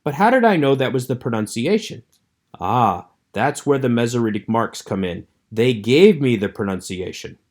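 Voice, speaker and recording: A man teaching a recorded online lecture with a measured, explanatory delivery. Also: mid-range voice, sing-song, darkish tone.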